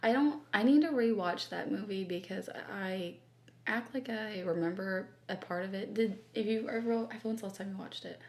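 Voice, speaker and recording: Podcast guest, woman from California, gravelly, rambling, laughs easily. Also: mid-range voice, normal speed, echoey room. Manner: giggly, chatty, rambling. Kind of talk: casual chat.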